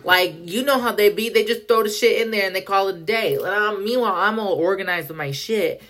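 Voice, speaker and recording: A woman's voice: medium pitch, a little fast. Foul-mouthed woman ranting through a story. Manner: profane, animated, dramatic retelling; heavy slang, filler 'like'. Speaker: podcast host. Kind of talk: casual storytelling rant.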